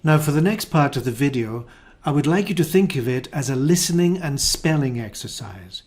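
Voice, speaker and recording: A man with a Scottish accent teaching English pronunciation, saying example words one at a time in a careful, deliberate way. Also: fairly high pitch, lively intonation, darkish tone. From Scotland. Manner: careful, deliberate word-by-word modelling. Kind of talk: slow, clear teaching of pronunciation.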